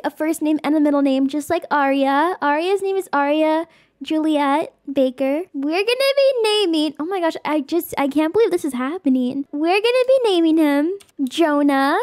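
A woman's voice: sits high, moderate pace, no room sound, studio quality. A woman hosting a casual let's play, gushing and exclaiming as she comments and reads game text aloud. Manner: excitable, gushing, exclaims often.

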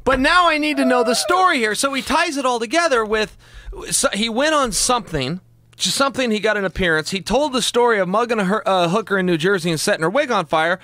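Man, podcast guest, animated storyteller; high, lively, bright voice. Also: fast talker, dry recording. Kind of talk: casual chat.

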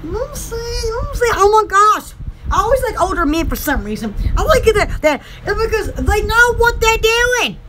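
Woman vlogger, very high voice, bright tone, giggly and theatrical, rambling chat. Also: very animated, brisk, slight background noise. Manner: giggly and theatrical, often breaking into laughter. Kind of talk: rambling casual chat to camera.

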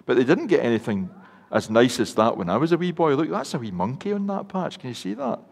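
A man's voice: mid-range voice, sing-song, fast, gravelly. An older Scottish man, a minister, giving a children's talk in church, telling stories and asking the children questions. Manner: warm storytelling to children, asks them questions. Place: large church. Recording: long church reverb.

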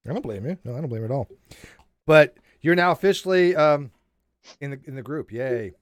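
A man hosting a loose livestream hangout, talking casually with guests. His pitch swings up and down a lot as he jokes and teases. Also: a little fast, dry recording, clean studio sound. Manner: joking, teasing, lively. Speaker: livestream host. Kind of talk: casual chat.

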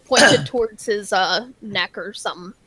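A woman's voice: medium pitch, unhurried, bright, forceful tone, poor audio. A woman playing a tabletop game, chatting casually and playfully about her character's moves. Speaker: player.

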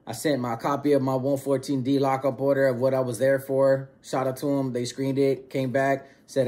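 A man's voice: medium pitch, flat delivery, normal speed, few pauses, darkish tone. A man casually telling a story, using street slang and acting out quoted dialogue. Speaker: storyteller recounting prison experience.

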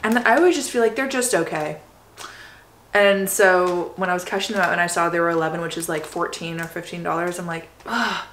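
A young Canadian woman in her twenties, chatting excitedly to her viewers as she shows off her shopping haul. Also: lowish voice, fairly quick, slight background noise. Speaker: vlogger. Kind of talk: casual haul vlog.

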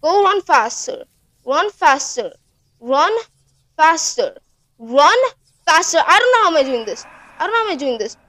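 A woman's voice: sits high, big pitch swings, normal speed, pauses often, a bit bright, no room sound. A woman narrating her own horror game playthrough, panicky and swearing, talking straight to her viewers. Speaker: gaming channel host.

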